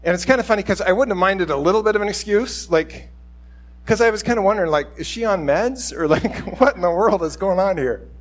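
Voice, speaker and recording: A man's voice: sits high, brisk. A middle-aged man, a pastor, giving an informal, conversational sermon and acting out quoted speech along the way.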